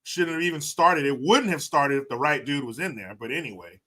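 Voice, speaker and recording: Bright, lively man joking with viewers. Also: a little high, brisk. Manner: joking, profane, laid-back banter. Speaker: livestream host reading viewer messages. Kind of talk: casual chat.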